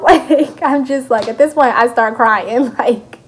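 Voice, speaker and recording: A young woman, chatting through a storytime vlog in a lively, animated way. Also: high voice, moderate pace, hardly any pauses, slight background noise. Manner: chatty, animated retelling with laughs. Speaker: vlogger.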